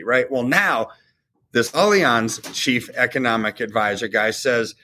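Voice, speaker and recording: Casting: man, podcast co-host, mid-pitched, conversational explainer who leans on "right?". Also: a little slow, pushed and bright. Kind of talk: casual commentary on economics.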